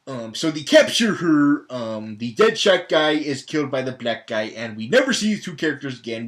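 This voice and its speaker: A man's voice: mid-range voice, a bit bright. Rambling, stammering man recapping a film. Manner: rambling, full of fillers and stammered restarts. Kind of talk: casual comedic movie recap.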